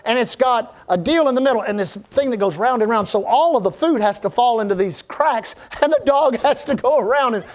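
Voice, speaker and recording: A man's voice: very high voice, lively intonation, fairly quick, few pauses. A man preaching a sermon as pastor, fervent and rousing, asking the congregation to respond.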